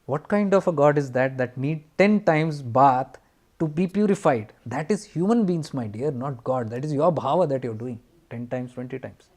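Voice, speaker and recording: A man, a spiritual teacher telling a devotional story in an earnest, unhurried way with emphatic repetitions. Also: medium pitch, expressive, a little mellow.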